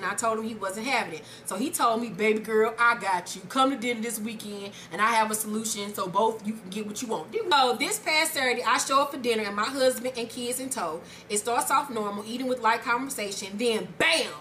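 A woman co-hosting an advice chat show, reading a viewer's letter aloud and reacting with loud, profane excitement. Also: on the high side, slight background noise. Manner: animated, profane, exclamatory.

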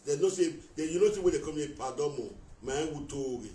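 A man's voice: a little high, lively intonation, fast, dark tone, a little hiss or hum. A man with a Nigerian Pidgin accent in a heated live-stream rant, accusing and repeating himself while talking straight at someone. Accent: Nigerian Pidgin English. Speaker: vlogger addressing a rival on a live video. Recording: echoey room, mic at a distance.

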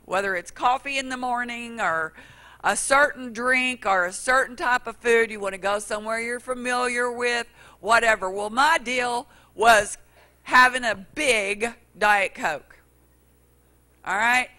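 A woman preacher giving a sermon, telling a personal story with animated delivery and questions to the congregation. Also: medium pitch.

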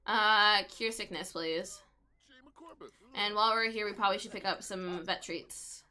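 A woman's voice: mid-range voice, steady tone, unhurried, bright, forceful tone. A young woman giving casual, chatty commentary while playing a life-simulation game, often talking to the pets on screen. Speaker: gaming video creator.

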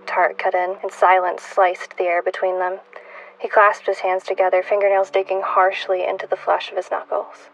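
A woman in her twenties reading her own fiction aloud in a measured, hushed way, at times dropping to a whisper. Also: medium pitch, completely flat delivery, poor audio. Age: 20s. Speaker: author.

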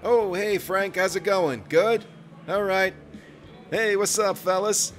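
A man's voice: high voice, steady tone, slow pace. A man giving let's play commentary, profane and joking, talking back to the characters on screen. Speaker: gaming commentator. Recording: music playing behind.

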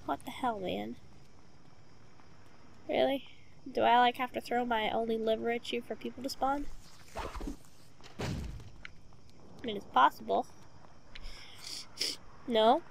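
High-voiced, excitable woman gamer. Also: takes it slowly, creaky, long pauses, slight background noise. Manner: excitable, talks back to the game, repeats pleas and commands. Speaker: let's play host. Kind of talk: casual gameplay commentary.

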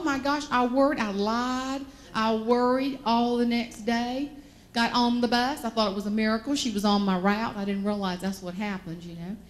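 Lady speaker spinning farm stories, high voice, animated and folksy. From American South. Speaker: motivational speaker. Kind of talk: storytelling keynote speech.

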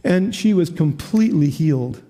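A man preaching as a guest speaker at a church, telling a story with lively quoted voices and frequent laughs. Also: fairly high pitch, normal speed, a little hiss or hum. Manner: animated, acts out quoted voices, laughs often. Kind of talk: storytelling sermon.

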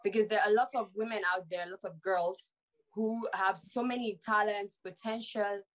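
A woman's voice: mid-range voice, steady tone, normal speed, poor audio. A young woman from Sierra Leone answering audition interview questions hesitantly, with many fillers. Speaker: reality show applicant.

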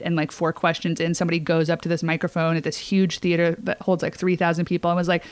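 A woman's voice: lowish voice, little pitch movement, rapid-fire, hardly any pauses, no room sound. A woman co-hosting a podcast, chatting enthusiastically and telling stories. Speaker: podcast co-host. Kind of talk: casual podcast chat.

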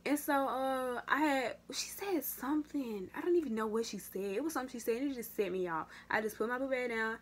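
A young woman vlogger telling a casual story to her viewers, slangy and animated, with big jumps in pitch and loudness. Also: fairly quick, few pauses, slight background noise. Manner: addresses viewers as y'all. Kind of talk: casual story time vlog.

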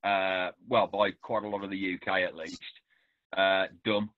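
A man, a novelist and poet, talking about his writing in a thoughtful way, with pauses and restarts, heard over a video call. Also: deep voice, level tone, no room sound, narrow, tinny audio. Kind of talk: conversational author interview.

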